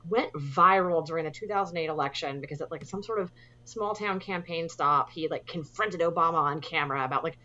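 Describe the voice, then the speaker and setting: A woman with a low, bright, forceful voice co-hosts a casual movie podcast, talking a little fast and rambling through movie reviews with lots of fillers and restarts. The sound is lo-fi, with slight background noise.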